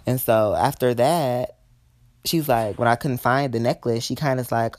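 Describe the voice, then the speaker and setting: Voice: mid-range voice, normal speed, darkish tone, dry recording. A person telling a workplace story to viewers, heated and blunt, swearing freely. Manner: speaks straight to viewers. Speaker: vlogger telling a work story. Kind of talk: storytime venting to the camera.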